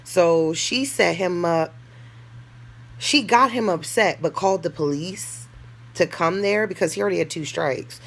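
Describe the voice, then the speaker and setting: A woman's voice: fairly low pitch, a little slow, gravelly. Blunt, candid woman telling a storytime. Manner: candid and blunt, heavy slang and swearing; laughs through the telling and acts out other people's lines. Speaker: storyteller vlogger. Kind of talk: casual storytime monologue.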